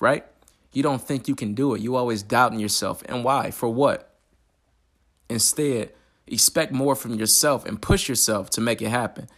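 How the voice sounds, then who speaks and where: A man's voice: medium pitch, a bit bright. A young man hosting his own motivational talk show, chatting in a casual, upbeat way with slang and fillers. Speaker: podcast host.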